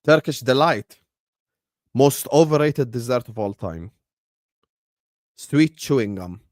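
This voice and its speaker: A man hosting a football watchalong stream, bantering with chat and breaking into loud bursts when the match heats up. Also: mid-range voice, animated, takes it slowly, no room sound, clean studio sound. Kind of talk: casual live-stream chat with match commentary.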